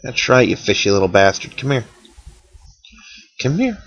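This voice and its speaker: A man's voice: fairly low pitch, fast talker, a bit bright, no echo, highs cut off. A man giving casual, wry commentary over a game he is playing, sounding worn out. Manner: chatty, wry, tired and yawning. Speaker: let's play commentator.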